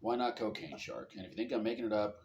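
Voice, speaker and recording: A man with a lowish voice talks fast as he hosts a casual comedy news podcast, sarcastic and joking, breaking into loud bursts of laughter. The recording has a roomy echo and a faint hum in the background.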